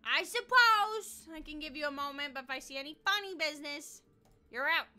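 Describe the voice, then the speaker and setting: A woman's voice: sits high, expressive, brisk, bright, forceful tone, faint music behind. A young American woman streaming a game and chatting casually, giggly and blunt, swearing freely. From United States. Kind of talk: casual gaming livestream chat.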